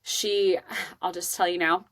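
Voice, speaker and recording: A woman hosting a podcast, telling a personal parenting story in an earnest, emotional and expressive way. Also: lowish voice, takes it slowly. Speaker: podcast host.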